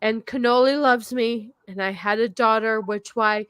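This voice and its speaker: A woman's voice: on the high side, fairly even intonation, moderate pace, fairly bright tone, clear, resonant tone, dry recording. A middle-aged woman hosting a podcast, tipsy and teary, talking in an emotional, rambling way and repeating herself. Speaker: podcast host. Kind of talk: casual drunk chat on a stream.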